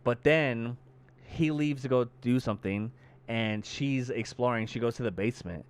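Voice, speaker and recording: Heavy cursing fills this podcast co-host's animated retelling of a movie plot, as he voices the characters' lines himself. His voice is mid-range, clear, and resonant, at normal speed.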